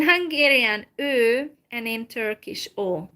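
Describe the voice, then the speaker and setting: Slow, careful woman teaching phrases. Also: fairly high pitch. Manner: slow and careful, repeats phrases, many fillers. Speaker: language teacher. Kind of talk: slow informal language lesson.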